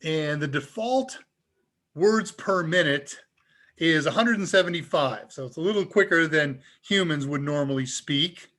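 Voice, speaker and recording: A man hosting a live tech Q&A, talking casually and chuckling as he demonstrates software. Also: fairly high pitch, unhurried. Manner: casual and upbeat, chuckles often. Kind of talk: live demo talk.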